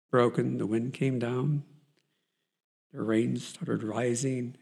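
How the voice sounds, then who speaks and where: A man's voice: medium pitch, vocal fry, darkish tone, slightly rough. A man earnestly telling his Christian faith testimony as a story, with frequent fillers and restarts. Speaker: person giving a Christian testimony.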